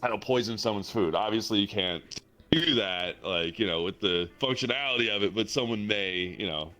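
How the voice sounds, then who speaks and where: Male host, excitable, casual, halting delivery. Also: lowish voice. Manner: enthusiastic, halting, many restarts. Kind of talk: casual interview chat.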